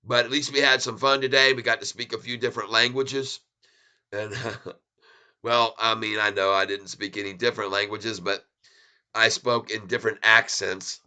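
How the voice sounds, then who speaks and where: A man's voice: on the low side, fairly even intonation, normal speed, bright, forceful tone, clean tone. A man hosting a long stock market livestream, chatting casually and rambling as he thanks viewers by name. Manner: tries broken French and Spanish.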